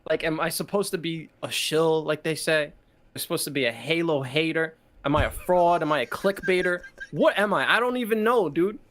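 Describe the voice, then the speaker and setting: A man talking in a casual podcast chat as a guest, excitable and playful, often laughing. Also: fairly high pitch, a little fast, slight background noise. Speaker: podcast guest, Halo content creator.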